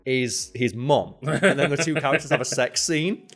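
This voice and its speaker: British guy on a podcast, tells stories all animated, light music underneath. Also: mid-range voice, moderate pace. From Britain. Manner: animated storyteller, puts on voices for quotes. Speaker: podcast co-host. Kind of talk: casual chat.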